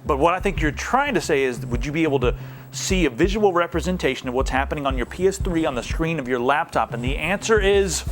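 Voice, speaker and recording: A man's voice: a little high, expressive, fast, faint music behind. A young man hosting a casual tech question show, answering viewer emails with playful jokes and asides.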